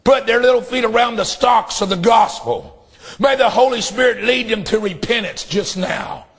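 A man preaching and praying a fervent sermon to his church, shouting in bursts and drawing out emphatic phrases. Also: high voice, moderate pace, breathy edge. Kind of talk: impassioned sermon and prayer.

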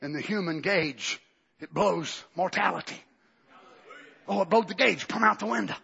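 A man preaching a fiery Pentecostal sermon, swinging from shouts to hushed near-whispers. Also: sits high, moderate pace, creaky, husky, dull audio.

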